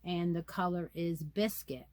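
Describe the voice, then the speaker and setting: A woman's voice: on the low side, steady tone, unhurried, darkish tone, slight background noise. A woman hosting a casual yarn chat, reading pattern details aloud and musing to herself as she goes. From United States. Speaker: crochet channel host.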